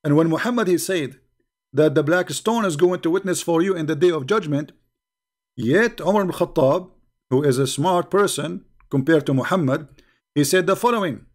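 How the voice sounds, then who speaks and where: A man's voice: a little high, moderate pace. A middle-aged man hosting a livestream debate, combative and mocking, hammering points home by repeating them. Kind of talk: polemical livestream commentary.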